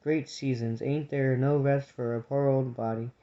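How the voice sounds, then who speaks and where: Storybook: grumpy old creature, grumbling rustic talk, voiced by a man; mellow tone, muffled recording. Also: medium pitch, fairly even intonation, normal speed, natural voice. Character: grumpy old male hedgehog, complaining. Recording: dull lo-fi recording.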